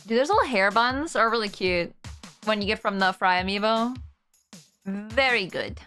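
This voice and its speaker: A young woman's mid-range voice, sharp in tone and at normal speed, carries over background music. She's streaming a game and chatting casually with her viewers, teary and emotional while laughing frequently.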